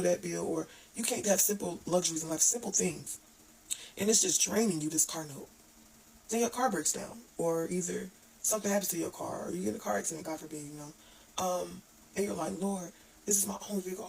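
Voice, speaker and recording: Woman, informal devotional speaker; earnest delivery, some vocal fry. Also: on the low side, a little mellow, slight background noise, rough recording. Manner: earnest, informal, stumbles over words; reads scripture aloud haltingly. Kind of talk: casual devotional talk.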